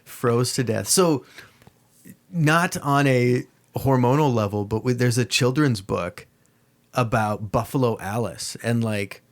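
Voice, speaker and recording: A man's voice: mid-range voice, takes it slowly. A man in his thirties, hosting a podcast, tells stories in casual chat, swearing freely and laughing as he goes. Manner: animated, profane, laughing storyteller. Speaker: podcast host.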